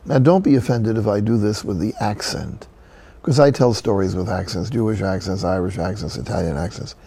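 A male priest delivers a broadcast sermon in a gravelly, husky voice. His tone is dark and mellow, and he moves slowly and deliberately through his stories. At key moments he drops to a near-whisper for emphasis. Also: lowish voice. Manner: slow, deliberate, with hushed emphasis.

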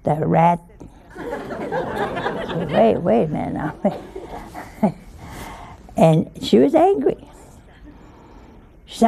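A woman's voice: mid-range voice, wildly swooping pitch, slow pace, creaky, long pauses, mellow. A woman giving an informal sermon in a folksy way, often asking her listeners rhetorical questions. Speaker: religious teacher.

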